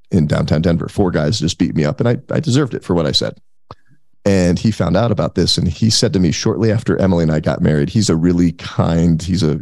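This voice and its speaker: Very low-voiced, gravelly man telling a story. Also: no echo, clean studio sound. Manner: animated, acts out quoted voices. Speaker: podcast guest, entrepreneur. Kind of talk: casual storytelling.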